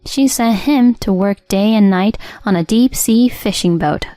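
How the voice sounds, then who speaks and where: A woman narrating a first-person story in a cold, steady, matter-of-fact way. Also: mid-range voice, unhurried, no echo. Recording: dry studio voice-over with soft music.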